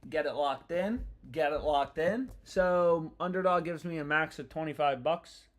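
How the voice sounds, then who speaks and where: Annoyed and unhurried, a young man rambles on a live stream about sports bets, slangy and profane, jumping between thoughts. His voice is on the high side with a fairly bright tone.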